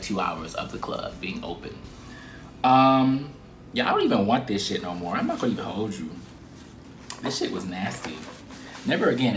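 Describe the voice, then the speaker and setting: A young man vlogging a casual storytime, animated and profane, with laughing asides. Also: mid-range voice, slight background noise. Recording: roomy echo.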